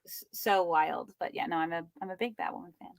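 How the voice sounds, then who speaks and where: A young woman co-hosting a casual podcast chat in a relaxed, agreeable way. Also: on the low side, brisk, creaky, no room sound. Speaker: podcast co-host.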